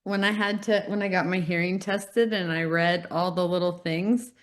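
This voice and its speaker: A woman's voice: lowish voice, normal speed. Laughing woman podcast co-host. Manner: laughing, animated storyteller. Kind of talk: casual chat.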